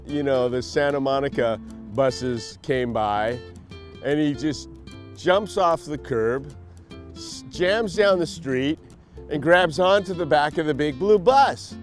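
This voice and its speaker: A man who owns a shop, telling an excited, laughing story in an interview. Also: fairly high pitch, soft background music. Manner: excited, laughing, slow-paced. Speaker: shop owner recalling a friend.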